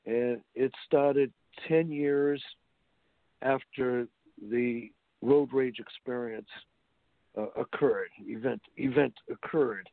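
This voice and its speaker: A man with a gravelly edge is being interviewed about his book. He talks haltingly and often restarts his sentences, and the sound comes through a thin, phone-like line. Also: mid-range voice, steady tone, dry recording. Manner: halting, many fillers and restarts. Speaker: author guest. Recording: tinny phone-like line, dry.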